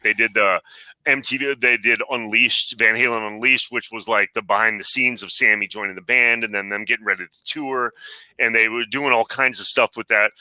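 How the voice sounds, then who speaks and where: A man's voice: medium pitch, sharp tone, no room sound, rough recording. A man co-hosting a casual music chat, talking with enthusiasm as a fan.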